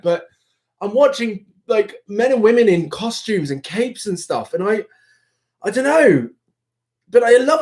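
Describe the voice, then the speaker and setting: A young man hosting a livestream, chatting casually with viewers in an animated, rambling way. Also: a little high. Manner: chatty, animated, self-interrupting. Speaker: livestream host. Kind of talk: casual live chat with viewers.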